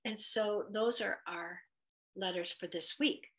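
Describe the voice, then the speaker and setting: A woman teaching a Hebrew letters lesson, patient and encouraging, sounding out each letter and vowel slowly. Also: mid-range voice, sharp tone. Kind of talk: children's lesson at a whiteboard.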